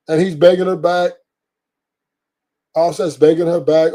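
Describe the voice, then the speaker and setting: A man with a warm, mellow voice sits at the mic hosting his own commentary show. He speaks in a preachy, emphatic way and repeats his main lines for effect. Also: fairly high pitch, level tone, moderate pace, pauses often. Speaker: host. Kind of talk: opinion commentary.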